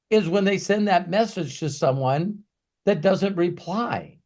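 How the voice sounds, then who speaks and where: Emphatic ranting man with a higher voice. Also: lively intonation, unhurried. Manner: emphatic, ranting, swings from quiet to loud. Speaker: business coach. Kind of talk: motivational Q&A coaching talk.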